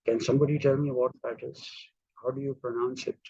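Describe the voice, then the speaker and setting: A man from India lecturing a class in a slow, deliberate way, spelling words out letter by letter. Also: mid-range voice, little pitch movement, gravelly, mellow, breathy edge, dry recording, dull audio.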